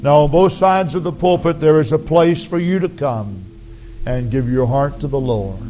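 A man preaching an altar call, his raspy voice earnestly pleading with the congregation to come forward. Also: on the high side, moderate pace, mellow, a little hiss or hum, poor audio. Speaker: pastor. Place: church sanctuary.

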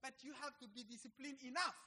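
A man in his fifties preaching a sermon, emphatic and dramatic, swinging between loud exclamations and soft asides. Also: very high voice, fast talker, slightly rough. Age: 50s. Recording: long hall reverb.

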